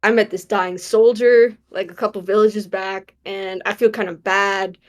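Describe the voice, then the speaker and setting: A woman's voice: medium pitch, fairly even intonation, unhurried. A woman playing in a tabletop game, talking playfully and hesitantly, often laughing. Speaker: player.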